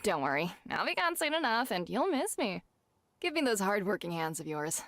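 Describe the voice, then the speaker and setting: A tender, wise older performer speaks in a sweeping, theatrical way, as a woman acts her out. Her voice rises and falls freely and has a slight gravelly edge. The sound is dry and close. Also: mid-range voice, very animated, moderate pace, a bit bright, no room sound. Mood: consoling. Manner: comforting, theatrical, lilting. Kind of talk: tabletop role-play.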